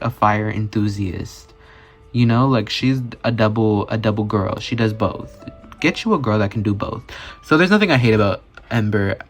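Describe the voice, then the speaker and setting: A man talking in a casual vlog, gushing and excitable, full of filler words and casual swearing. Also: medium pitch. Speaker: doll collector and reviewer.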